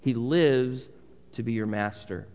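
A man's voice: mid-range voice, slow pace, a little mellow. A male pastor preaching a sermon in a church, conversational with emphatic repeated phrases. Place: church sanctuary. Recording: long hall reverb, dull sound.

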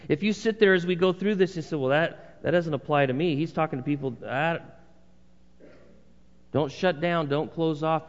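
A male pastor preaching a sermon in a church, conversational with emphatic repeated phrases. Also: on the high side. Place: church sanctuary. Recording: long hall reverb, dull sound.

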